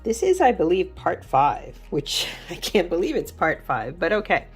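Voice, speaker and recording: Low-pitched lady vlogging at her craft desk, chatty and rambly, soft music under it. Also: big pitch swings, moderate pace, breathy edge. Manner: chatty, warm-hearted, rambling asides with fillers. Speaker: journaling channel host. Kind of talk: casual craft vlog chat.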